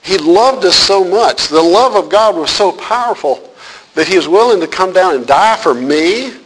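Pastor, male, slightly high-pitched, preaches in a conversational, storytelling way and asks the room questions. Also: fairly bright tone, husky, rough recording. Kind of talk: sermon.

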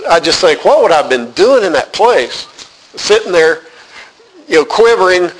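Man, sermon, somewhat high voice, animated, repeats words. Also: a little hiss or hum, rough recording. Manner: animated, repeats words, reads scripture with emphasis. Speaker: preacher.

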